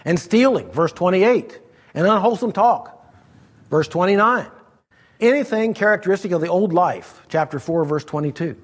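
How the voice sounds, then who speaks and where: A man delivering an expository sermon, walking his listeners through scripture verse by verse. His voice sits a little high and has a husky, slightly rough edge. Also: animated, normal speed. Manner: reads scripture aloud, then explains verse by verse. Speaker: preacher.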